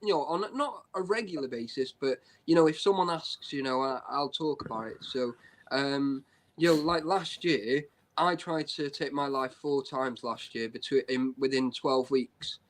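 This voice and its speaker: A man's voice: mid-range voice, moderate pace, slight background noise. A man talking bluntly and openly in a casual live-stream chat, full of "you know" and "right".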